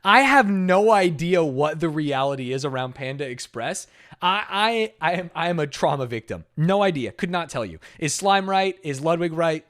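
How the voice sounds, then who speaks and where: A man's voice: fairly high pitch, moderate pace. A young man, a streamer, telling a story in a casual, emphatic and defensive way. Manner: animated, emphatic, defensive retelling.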